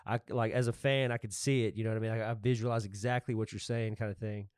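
Fast-talking, smooth-voiced podcast host. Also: male voice, lowish voice, fairly even intonation, a little mellow, no room sound, studio quality. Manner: quick, eager fan talk. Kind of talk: casual podcast chat.

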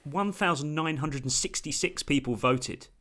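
A man hosting a casual podcast chat, animated and theatrical, sometimes bursting into loud exclamations. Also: fairly high pitch, moderate pace. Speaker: podcast host.

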